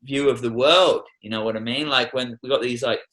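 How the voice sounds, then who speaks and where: The audio is poor, but the voice comes through: medium-pitched, brisk and fairly bright, belonging to a young Australian tour guide guesting on a podcast. He talks with passion, preaches a bit and swears freely throughout the casual conversation.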